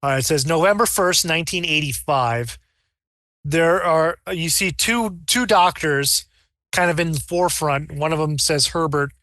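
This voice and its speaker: Brief: male game master, bright and slightly high, rambling animated narration, dry close sound. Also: unhurried, no room sound. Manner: rambling, animated, breaks into character voices.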